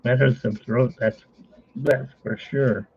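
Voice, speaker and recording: A man with a gravelly, husky voice chatting casually as he draws on a live stream, rambling and cutting himself off mid-thought. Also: mid-range voice, fairly even intonation, slow pace, a little mellow, highs cut off. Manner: rambling, self-interrupting. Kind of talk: casual chat while drawing.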